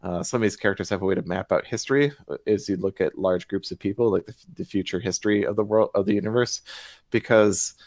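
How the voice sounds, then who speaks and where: A man's voice: fairly low pitch, quick pace, darkish tone, dry recording. A man who designs games answers questions on a livestream, thinking aloud and often correcting himself mid-sentence. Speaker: game designer. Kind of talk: livestream Q&A chat.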